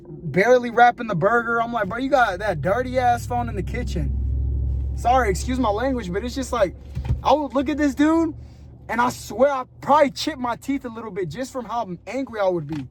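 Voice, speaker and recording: A young adult vlogger with a very high voice talks briskly, spinning stories in slangy, casual style. He's animated and laughs a lot while filming on his phone, first from his car and then inside a store. A little hiss or hum runs underneath.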